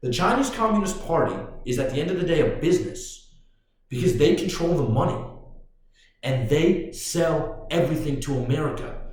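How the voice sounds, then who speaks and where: A man hosting a podcast, ranting casually in a profane, excitable way. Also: a little high, moderate pace. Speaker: podcast host. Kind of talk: casual rant. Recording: very echoey room.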